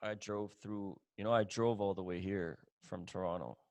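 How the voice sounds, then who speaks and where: Blunt, joking podcast host, low voice. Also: male voice, steady tone, normal speed, vocal fry, dry recording. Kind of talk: casual chat.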